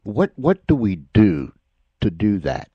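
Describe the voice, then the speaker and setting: A man hosting an interview, asking a question in a halting way and repeating words as he searches for them. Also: fairly low pitch, wildly swooping pitch, breathy edge, no echo, muffled recording. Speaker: radio show host.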